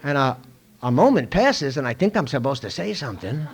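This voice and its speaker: A man's voice: mid-range voice, very animated, fairly quick, slight background noise. A middle-aged man speaking at a recovery meeting in a school room, telling a story to a live audience and acting out other people's lines.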